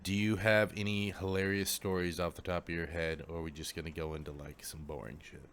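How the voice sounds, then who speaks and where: Young man, very low voice, co-host, swears a lot, laughs through his stories. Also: fairly quick, smooth. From Pacific Northwest of the US. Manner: laughs often, swears freely, animated when telling a story. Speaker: podcast co-host. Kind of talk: casual storytelling chat.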